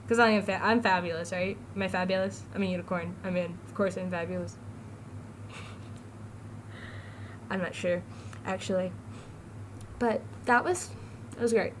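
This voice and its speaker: A woman's voice: medium pitch, steady tone, measured pace, long pauses, a little hiss or hum, rough recording. A teenage girl vlogging, chatty and giggly, jumping from topic to topic. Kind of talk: casual rambling vlog.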